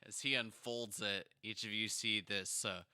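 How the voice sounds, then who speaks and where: A man narrating a tabletop game as game master, relaxed and halting, with many fillers. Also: lowish voice, clean tone, dry recording, studio quality.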